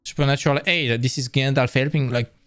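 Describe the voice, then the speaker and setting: Give me a man giving a casual streamed lecture, enthusiastic and mid-pitched, in a dry room. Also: steady tone, a little fast, a bit bright, clear, resonant tone, dry recording, soft background music. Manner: casual, restarting, enthusiastic explaining. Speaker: presenter.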